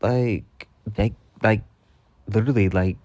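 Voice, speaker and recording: A man's voice: fairly low pitch, steady tone, takes it slowly, darkish tone, dry recording, highs cut off. A young man telling a mock-dramatic storytime rant in slangy, swear-filled casual talk. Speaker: storytime vlogger.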